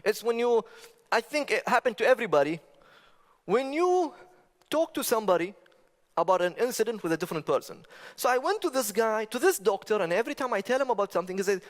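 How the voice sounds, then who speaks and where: Speaking fast in a high-pitched voice, a man delivers a stand-up-flavored stage talk, conversational in tone, full of rhetorical questions for the audience and lively asides. The big hall gives the recording a long reverb.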